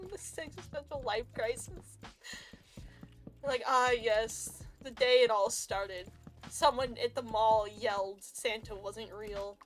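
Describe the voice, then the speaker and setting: A woman streamer chatting casually and rambling, joking and laughing often. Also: on the high side. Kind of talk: casual chat.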